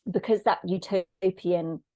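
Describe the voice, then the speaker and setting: A woman talking as a podcast guest, thoughtful and reflective, often pausing to search for words. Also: on the low side, fairly even intonation, dark tone, dry recording. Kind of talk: thoughtful conversational discussion.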